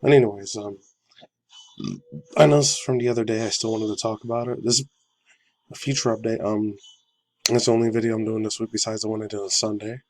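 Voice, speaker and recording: Hoarse, flat-voiced man vlogging. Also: fairly low pitch, fast, pauses often, low-quality recording. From United States. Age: 30s. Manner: rambling, fillers, loose slangy talk. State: hoarse from a sore throat. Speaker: gaming news channel host. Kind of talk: casual rambling vlog chat.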